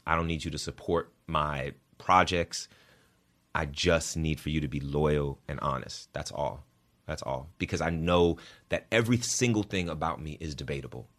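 A man's voice: very deep voice, a bit bright. A man in his thirties, a guest in an interview, talking earnestly and repeating words for emphasis. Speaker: guest, actor and singer. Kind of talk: interview conversation.

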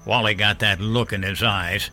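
An actor playing a gruff older war veteran father who tells a grim story in a blunt, profane way. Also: on the low side, steady tone, normal speed, sharp tone, soft background music. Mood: grim recollection. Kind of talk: audio drama storytelling.

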